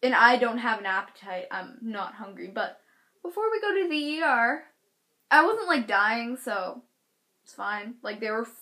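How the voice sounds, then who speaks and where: A woman's voice: a little high, sing-song, normal speed, sharp tone. A young woman telling a personal story in a casual, chatty way, full of filler words. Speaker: vlogger.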